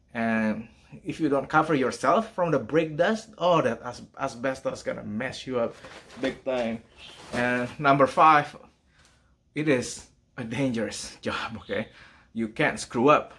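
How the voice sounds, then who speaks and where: A hobbyist car mechanic, a man, talking casually to camera in his home garage, excitable and fond of rhetorical questions. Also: fairly high pitch. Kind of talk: casual vlog talk to camera.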